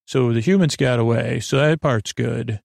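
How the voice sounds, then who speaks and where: Creaky-voiced man rambling a sleepy recap. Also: medium pitch, moderate pace, no room sound, clean studio sound. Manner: drowsy, meandering, deadpan with many fillers. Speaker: podcast host.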